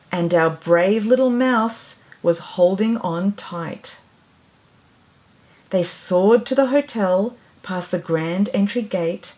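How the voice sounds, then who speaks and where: A woman reading a rhyming picture book aloud, gentle and expressive. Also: lowish voice. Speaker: storyteller.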